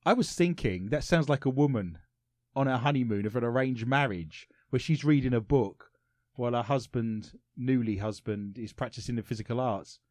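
A man's voice: mid-range voice, normal speed, darkish tone, dry recording. A man with an English accent hosting a radio show in a studio, talking playfully and laughing often. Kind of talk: casual radio chat. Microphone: studio microphone.

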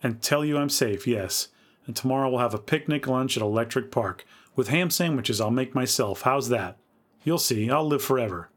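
A man voicing a bold young woman who talks calmly and reassuringly, in a spooky story reading. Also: medium pitch, moderate pace, lightly acted.

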